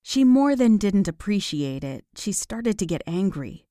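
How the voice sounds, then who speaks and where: A woman narrating a romance audiobook in a calm, even storytelling manner. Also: mid-range voice, a little slow, dry recording, studio quality. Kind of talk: scripted narration.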